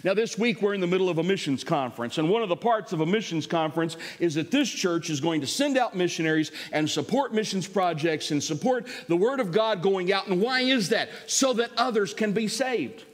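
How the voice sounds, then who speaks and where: Folksy preacher in a big hall. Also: male voice, high-pitched. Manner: folksy, animated, acts out quoted voices. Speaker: guest preacher. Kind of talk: sermon with storytelling. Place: large church sanctuary. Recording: church hall with long reverb.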